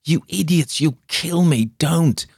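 A man's voice: low voice, normal speed, darkish tone, dry recording, clean studio sound, lightly acted. A man voicing a badly injured man, panicked and accusing, with a raised, strained, pleading delivery.

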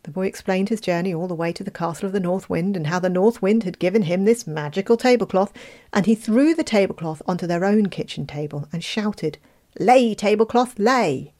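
A woman reading a fairy tale aloud, expressive, with playful asides. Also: lowish voice, fairly quick. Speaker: storyteller.

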